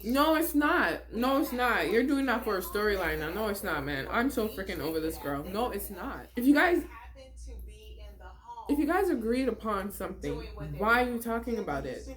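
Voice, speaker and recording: A woman's voice: mid-range voice, big pitch swings, moderate pace. A young woman giving blunt, exasperated commentary on a reality TV episode, laughing often as she reacts. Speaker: reality TV recap vlogger.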